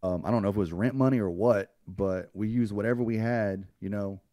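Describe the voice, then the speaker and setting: A man's voice: fairly low pitch, fairly quick, mellow, no room sound, studio quality. A man guest on a podcast, telling a personal story in a blunt, profane way and acting out what others said to him. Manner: blunt and profane, acts out others' lines in a raised voice.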